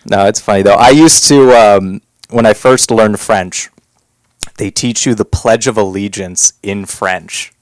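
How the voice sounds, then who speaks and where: A young man performing a stand-up comedy set on a club stage, rambling with fillers and jumping into loud, high bits. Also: a little slow, no echo.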